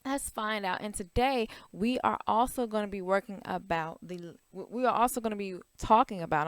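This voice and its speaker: A woman teaching a recorded language arts class to young children, upbeat and encouraging, explaining each step slowly. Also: mid-range voice, clean tone, no room sound.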